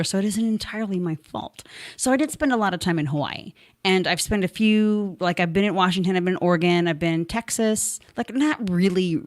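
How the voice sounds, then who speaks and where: A woman's voice: mid-range voice, no room sound, studio quality. A woman hosting a podcast, chatting casually and rambling a little with fillers. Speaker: podcast host. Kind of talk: casual chat.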